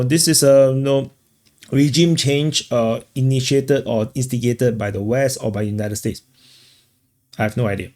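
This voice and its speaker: A man hosting a casual commentary, talking in a halting way with many fillers and restarts. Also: mid-range voice, warm tone. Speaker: commentator host.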